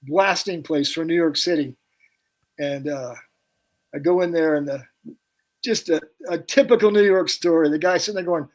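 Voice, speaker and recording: Voicing the people in his tales, an older man rambles through casual anecdotes as a podcast guest. He works as a pyrotechnic technician. His voice is on the high side, delivered at normal speed.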